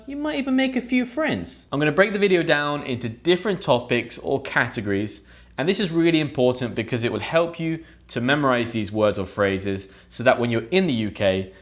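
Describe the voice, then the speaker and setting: A young British man teaching English online in a scripted lesson, acting out example phrases in a higher voice. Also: a bit bright. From United Kingdom.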